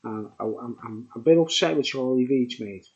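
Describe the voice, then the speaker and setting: A man's voice: mid-range voice, moderate pace, dull audio. Tipsy man rambling to camera. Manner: rambling, repetitive, keeps adding "mate" and "right?". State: tipsy from drinking. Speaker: vlogger reviewing beer. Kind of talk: rambling casual monologue to camera.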